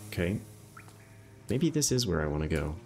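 Young man, game streamer, deep low voice, rambling casual chat, clear game music behind. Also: big pitch swings, moderate pace, a little mellow. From Northeastern United States. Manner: rambling, easygoing, many "um"s and "like"s. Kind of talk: casual live-stream commentary while gaming.

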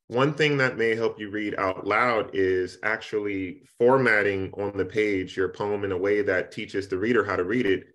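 Low-ish guy, poet and teacher, chill reassuring tips on a zoom call. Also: fairly bright tone. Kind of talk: casual advice in a workshop.

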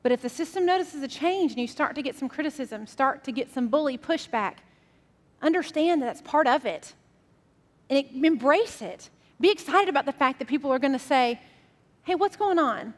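High-voiced woman pastor preaching. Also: animated, a little fast, big-room sound. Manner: conversational, storytelling. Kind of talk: sermon.

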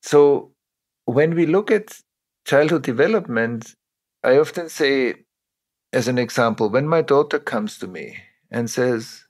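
A middle-aged man, an interview guest who teaches about trauma, explaining ideas in a measured, reflective way with personal examples. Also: mid-range voice.

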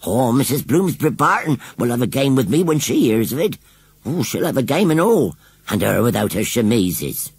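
A man's voice: mid-range voice, big pitch swings, normal speed, husky, dry recording, pitched above the performer's own voice, heavily acted. A man voicing a fretful old village washerwoman who laments in a rustic dialect, in a storybook reading. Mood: lamenting.

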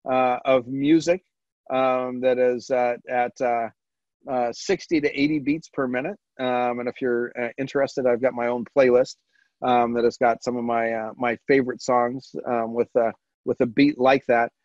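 A man presenting a stress management webinar in a relaxed, conversational way, pausing often with ums and restarting his sentences. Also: mid-range voice, no room sound. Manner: halting, with frequent ums and restarts. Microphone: video call. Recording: dull lo-fi webinar audio, dry.

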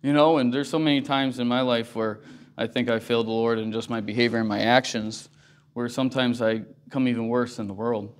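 A man's voice: medium pitch, fairly even intonation, brisk. A man teaching a Sunday school class in a church, talking through scripture in an earnest, conversational way. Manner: earnest, conversational, often says "you know". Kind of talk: casual Bible teaching.

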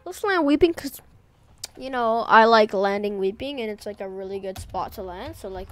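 A woman giving casual, rambling gaming commentary, excitable and full of slang as she plays. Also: medium pitch, moderate pace, dry recording. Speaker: gaming video creator.

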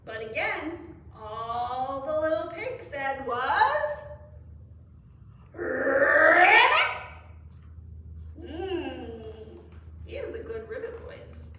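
A woman librarian reading a picture book aloud to children in an expressive, animated way, asking them questions, in a library room. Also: high-pitched, slow pace, slight background noise. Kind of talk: children's story time reading. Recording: echoey room, far from the mic.

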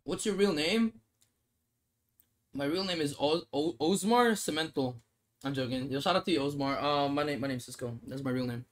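A man's voice: a little high, a little fast. Joking young man streaming. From Australia. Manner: laid-back, joking, swears, laughs often; talks while eating noodles. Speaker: mobile game streamer. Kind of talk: casual livestream chat, reading comments.

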